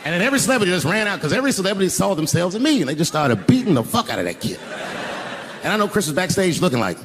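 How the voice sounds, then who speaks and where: On an arena stage, an older stand-up comedian tells a profane story in a high-pitched, sing-song voice that races along, acting out the voices of the people in it. He speaks into a handheld stage mic, and the live recording carries crowd noise and audience laughter.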